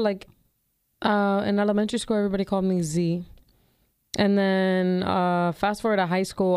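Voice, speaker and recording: Laid-back woman with a low voice. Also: darkish tone, clear, resonant tone, no room sound, studio quality. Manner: laid-back, laughs often, slangy. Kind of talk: casual chat.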